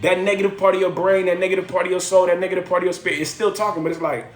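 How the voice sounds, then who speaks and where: A man's voice: high voice, steady tone, very fast, reverberant. A man hosting a livestream from home, giving a slangy, preachy motivational talk that repeats phrases for effect. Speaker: livestream host.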